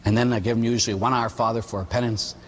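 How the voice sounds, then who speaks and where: A man from the Pittsburgh area, a Catholic priest, preaching a sermon with lively storytelling and frequent tag questions. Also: mid-range voice, rapid-fire. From Pittsburgh area, United States. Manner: animated storytelling, acting out quoted voices, tag questions. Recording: echoey hall with faint hum.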